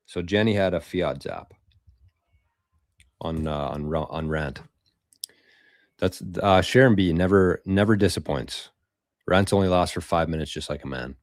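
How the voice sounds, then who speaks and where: A man hosting a casual livestream, reading viewer comments aloud in a loose, swearing, chatty way with quick laughs. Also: low voice, no room sound, studio quality. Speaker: livestream host.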